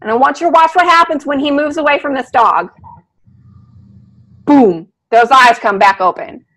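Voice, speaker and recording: A woman's voice: high voice, normal speed, bright, forceful tone, rough recording. A woman dog trainer teaching a live online class, talking her students through a video and asking them questions. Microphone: video call.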